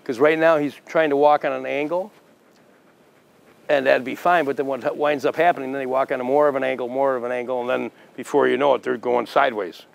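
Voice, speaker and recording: A man's voice: medium pitch, steady tone, a little fast, gravelly, rough recording. A man training a dog, giving repeated short commands and praise, then casually explaining the progress. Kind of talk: dog training demonstration with commentary.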